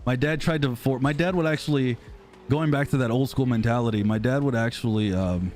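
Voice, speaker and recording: Casual American streamer in his thirties, chatty and self-mocking, soft music underneath. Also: medium pitch, fairly quick. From United States. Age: 30s. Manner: chatty, self-deprecating, rambling. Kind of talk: casual live-stream chat reading comments.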